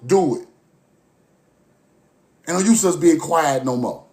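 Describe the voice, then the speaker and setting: A man delivers a passionate, profane monologue straight to his listeners. His voice sits high, and he keeps circling back to the same phrases. He moves from forceful outbursts to low, muttered stretches. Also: expressive, slow pace, long pauses. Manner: forceful, repetitive, profane, swings from loud to low. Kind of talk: impassioned monologue to camera.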